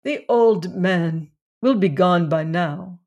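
A reader voicing a wan, childlike young woman who lisps and speaks simple broken English slowly, for a storybook reading. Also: medium pitch, a little mellow.

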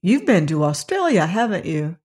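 A reader voicing a polite, inquisitive little girl in an audiobook, pitched a bit above the narration. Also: wildly swooping pitch, moderate pace, a little mellow, breathy edge. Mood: curious. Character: polite, curious little girl traveling home. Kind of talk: audiobook character reading.

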